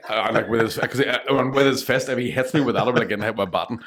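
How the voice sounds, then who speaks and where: A young man with a Northern Irish accent, a comedian telling animated stories on a podcast, swearing freely and laughing through them. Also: medium pitch, very fast. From Northern Ireland. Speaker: comedian guest. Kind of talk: casual storytelling.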